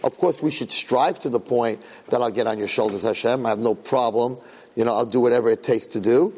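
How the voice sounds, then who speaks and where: Middle-aged man, animated, emphatic storyteller. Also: mid-range voice, a little fast, breathy edge, rough recording. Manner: animated, emphatic storyteller who repeats words and restarts phrases. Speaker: rabbi. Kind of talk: Torah lecture with personal storytelling.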